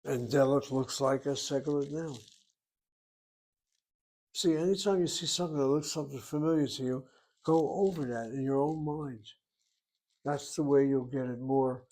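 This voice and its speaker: Guy teaching a lesson, patient, says the words over and over slowly, mid-pitched voice. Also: steady tone, a little mellow. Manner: patient, explanatory, repeats words slowly for pronunciation. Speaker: Hebrew teacher. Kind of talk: recorded language lesson.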